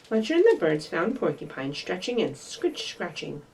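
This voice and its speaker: Lively woman reading story time, big pitch swings, mic set back. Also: moderate pace, distant mic, a little hiss or hum, poor audio. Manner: bright, sing-song, animated. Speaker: children's librarian.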